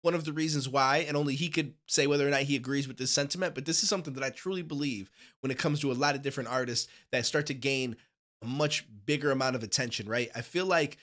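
A man's voice: on the high side, a bit bright. A man hosting a music reaction video, talking in a casual, rambling, enthusiastic way with a stuffy, nasal voice. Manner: rambling, enthusiastic, many restarts. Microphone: studio podcast microphone.

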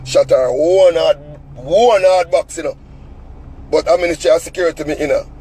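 A man's voice: a little high, normal speed, warm tone, slightly rough, low-quality recording. A Jamaican man telling a story as an angry, cussing rant in heavy patois, sitting in a car. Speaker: vlogger.

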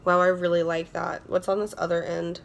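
A woman's voice: fairly low pitch, level tone, normal speed, creaky, a little hiss or hum. A young woman chatting casually while unboxing beauty products at home, bubbly and gushing, often repeating herself. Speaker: beauty vlogger. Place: indoors at home.

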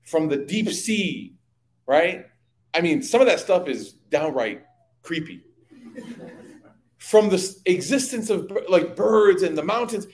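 A man giving an evening religious study talk, telling lively stories and speaking directly to his audience. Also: a little high, unhurried, pauses often, echoey room. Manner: lively anecdotal storytelling, addressing audience. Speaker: religious teacher. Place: community hall.

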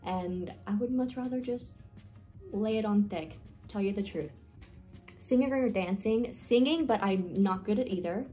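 A woman's voice: medium pitch, a little slow, dark tone, faint music behind. A young woman talking casually in a get-to-know-me vlog, rambling with lots of fillers and self-deprecating asides. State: nervous, with hiccups. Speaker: vlogger.

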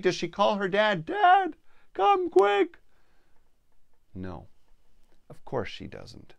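Slow gravelly man telling a story. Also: mid-range voice, no echo, studio quality. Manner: slow, playful asides to listeners. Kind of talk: storytelling talk.

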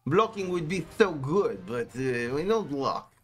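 A man giving casual commentary as he plays a card game, swinging between low muttering and exasperated outbursts. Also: big pitch swings, unhurried, husky, soft background music. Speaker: gaming streamer.

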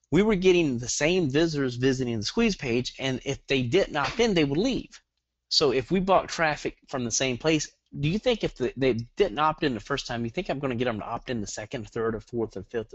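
A middle-aged man with a Southern US accent giving a webinar lesson, talking fast and rambling with jokes. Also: mid-range voice, dry recording. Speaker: guest webinar trainer. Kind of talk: online marketing webinar. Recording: dull lo-fi dry webinar audio.

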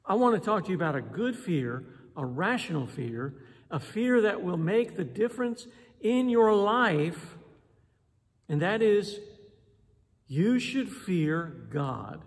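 A man preaching a sermon in an animated way, acting out voices and pausing for emphasis. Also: high voice, husky. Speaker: pastor. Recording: long hall reverb.

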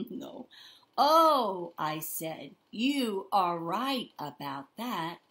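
An older woman leading a toddler story time, talking straight to small children in an animated, sing-song way. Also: on the low side, drawn-out words. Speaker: children's librarian.

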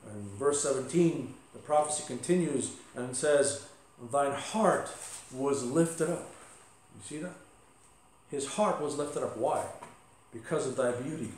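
A man's voice: medium pitch, measured pace, darkish tone, a little hiss or hum. A male pastor giving a conversational sermon with asides and light humor. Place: church sanctuary. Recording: echoey church sanctuary.

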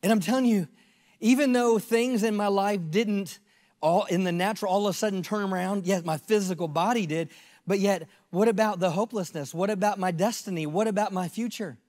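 A man in his fifties, a pastor giving his testimony as a sermon, preaching with passion and lots of repetition, swinging between loud and hushed. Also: sits high, fairly quick, big-room sound. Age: 50s.

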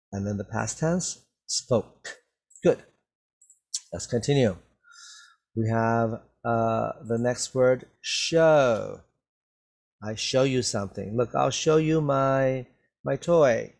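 Slow, deliberate male English teacher. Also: mid-range voice, creaky, darkish tone. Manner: very slow, carefully enunciated, repeats words for learners. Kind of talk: slow classroom reading and vocabulary drill. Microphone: wears a mask while talking.

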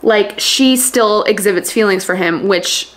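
A woman's voice: medium pitch, unhurried, fairly bright tone. A woman chatting casually in a book vlog, gushing and full of fillers. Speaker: book vlogger. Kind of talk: casual reading vlog chat.

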